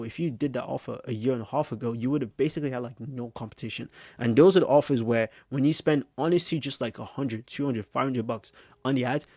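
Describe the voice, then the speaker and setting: In clean studio sound with no room reverberation, a man with a mid-range, darkish voice teaches business straight to camera. He's quick and casual, and filler phrases crop up constantly.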